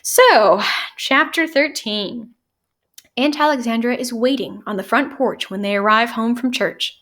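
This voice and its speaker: A woman's voice: a little high, a little slow, fairly bright tone. Woman teacher talking through a novel. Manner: conversational, many "um" and "you know" fillers, clearly enunciated. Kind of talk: casual classroom lecture and chapter summary.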